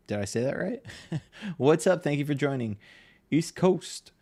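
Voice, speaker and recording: A man's voice: medium pitch, expressive, measured pace, gravelly, dark tone. A man with a Northeastern American accent, chatting casually with his livestream audience while drawing. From Connecticut, USA. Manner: chatty, reads chat aloud, laughs often. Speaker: livestreaming artist.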